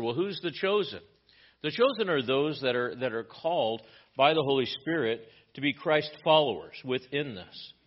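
A man's voice: mid-range voice, highs cut off. A male pastor giving an explanatory sermon, teaching from a Bible letter with frequent restarts.

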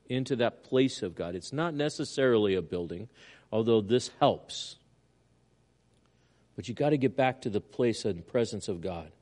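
An older man, a pastor preaching a sermon, earnest, with loud emphatic lines and quiet asides, in a mid-pitched voice.

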